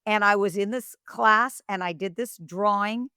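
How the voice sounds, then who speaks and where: A woman's voice: mid-range voice, a little slow, sharp tone, smooth, dry recording, studio quality. A woman hosting an interview, encouraging her guest and smiling as she shares a similar story. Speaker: podcast host. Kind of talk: interview conversation.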